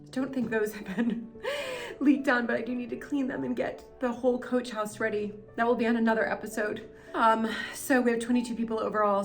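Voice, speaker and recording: An American woman filming a casual vlog from behind the camera in a cellar, talking in an emotional, rambling, apologetic way. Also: mid-range voice. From United States. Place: house cellar. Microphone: handheld camera.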